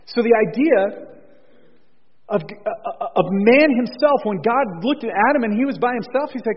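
A man's voice: very high-pitched, lively intonation, normal speed. A pastor preaching a sermon, earnest, restarting his sentences and repeating key phrases. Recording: husky voice in a long church reverb, dull lo-fi sound.

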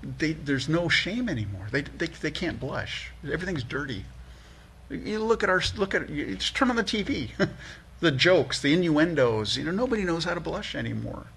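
A man's voice: on the high side, sing-song, normal speed, gravelly, fairly bright tone, a little hiss or hum. A man preaching an earnest, conversational sermon, often repeating himself as he works toward a point and lifting his voice for emphasis. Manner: earnest, conversational, many restarts, rises for emphasis. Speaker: pastor.

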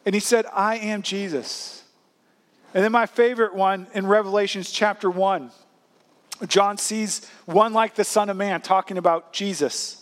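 A man's voice: steady tone, normal speed. A man preaching a sermon, earnest, with frequent restarts and emphatic rises. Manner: rises in pitch and volume at emphatic points. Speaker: pastor.

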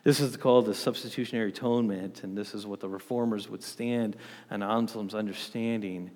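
A man's voice: on the low side, steady tone, brisk, a little mellow. A man in his thirties, a pastor preaching a sermon in church in a conversational way, often checking in with his listeners. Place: church with a podium. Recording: long echo of a church hall.

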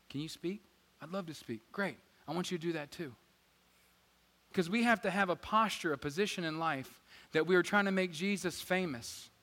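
A man preaching a sermon as pastor, energetic and joking, swinging between loud emphasis and quiet asides. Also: high-pitched. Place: church sanctuary. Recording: church hall reverb with faint guitar.

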